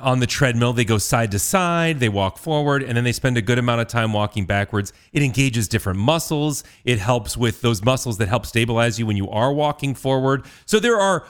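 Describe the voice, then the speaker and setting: A man's voice: mid-range voice, lively intonation, fairly quick, few pauses, clear, resonant tone. A man with an ordinary mid-range voice co-hosting a radio chat. He explains things steadily, walking through practical advice. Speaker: radio co-host. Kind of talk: casual chat.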